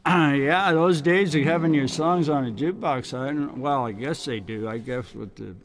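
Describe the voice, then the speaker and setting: A man chatting casually as a musician guest in a recording studio, talking quickly and laughing at his own jokes. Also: on the high side.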